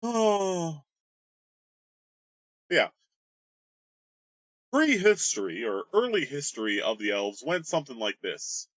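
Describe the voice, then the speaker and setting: A man's voice: a little high, big pitch swings, slow, pauses often, fairly bright tone, dry recording. A man rambling through his tabletop campaign's history in a casual, joking way, with crude humor. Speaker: game master. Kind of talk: casual worldbuilding explainer.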